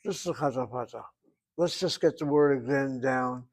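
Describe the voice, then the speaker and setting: Man, Hebrew teacher, classroom grammar lesson, emphatic, step-by-step explaining, average pitch. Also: normal speed, poor audio.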